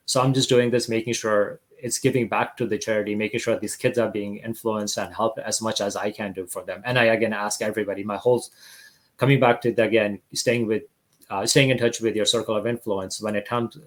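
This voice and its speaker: A man's voice: on the low side, poor audio. A middle-aged man talking casually and earnestly as a podcast guest over a video call, often restarting his phrases. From Greater Vancouver area, Canada. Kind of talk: casual interview talk.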